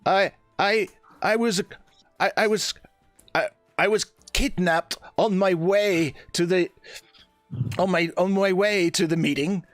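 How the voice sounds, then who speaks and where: A man's voice: high-pitched, takes it slowly, no echo, faint music behind, pitched above the performer's own voice. A man voicing a frightened wizard who stammers and halts as he pleads. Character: frightened older male wizard.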